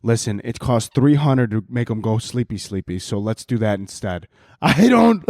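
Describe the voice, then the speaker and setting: A man's voice: medium pitch, very animated, a little slow, a little mellow, no echo, studio quality. A man hosting a podcast, telling rambling, profane comic stories and laughing often. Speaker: podcast host. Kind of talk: casual comedic podcast monologue.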